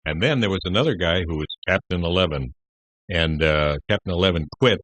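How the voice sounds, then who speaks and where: Deep-voiced older man telling stories. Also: a bit bright, no echo. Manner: rambling anecdotes with many "uh" pauses. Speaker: guest entertainer. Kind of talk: casual radio interview.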